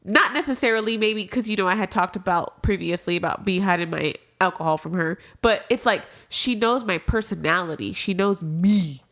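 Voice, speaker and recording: A woman's voice: medium pitch, moderate pace, few pauses, fairly bright tone. A young adult woman as a podcast guest, talking candidly and casually about grief, swearing freely and trailing off into restarts.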